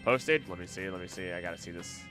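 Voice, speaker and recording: A man chatting casually on a live stream, animated and talking to himself and his pet. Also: low-pitched, fast, over music. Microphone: desk microphone.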